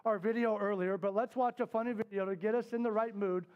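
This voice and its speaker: High-voiced man teaching a parenting class. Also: fairly even intonation, fast talker, clean tone, lo-fi sound. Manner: candid, acts out quoted voices, drops to soft quiet tones. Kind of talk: storytelling workshop talk. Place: indoor classroom with a live group.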